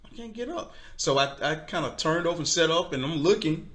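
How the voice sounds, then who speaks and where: A man telling a personal faith testimony in conversation, earnest and halting, with frequent restarts. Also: fairly high pitch, expressive, a bit bright. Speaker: guest.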